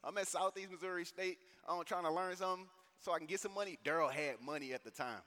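A man in his thirties from St. Louis giving a personal testimony at a conference, telling the story in a casual, animated way with lots of slang asides. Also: high voice, fast. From St. Louis, USA. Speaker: conference speaker. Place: conference hall. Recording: echoey hall reverb.

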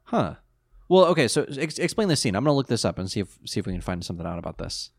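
A man co-hosting a casual podcast recap, animated, joking and sarcastic. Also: lowish voice, racing, vocal fry, dry recording, clean studio sound. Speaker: podcast co-host.

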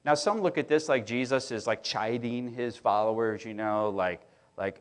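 Middle-aged guy preaching, chatty and worked up, keeps restarting sentences, mid-pitched voice. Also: moderate pace. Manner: conversational, animated storytelling with many restarts. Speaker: pastor. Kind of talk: sermon.

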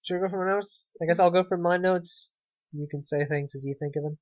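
On a dull, dry lo-fi podcast recording, a co-host with a high-sitting, steady voice talks briskly. The chat is casual and sarcastically wry, with frequent trailing off and restarts.

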